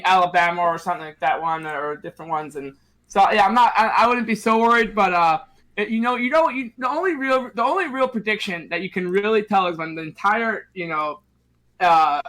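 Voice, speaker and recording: A man co-hosting a sports podcast, excitable and laughing often, repeating words for emphasis. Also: high-pitched, brisk. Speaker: podcast co-host. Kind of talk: casual sports chat.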